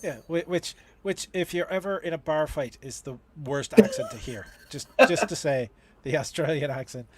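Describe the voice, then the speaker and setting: A man's voice: a little high, lively intonation, normal speed, hardly any pauses, background noise. A man hosting a casual livestream advice chat, talking in a rambling way with many restarts and fillers. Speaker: host.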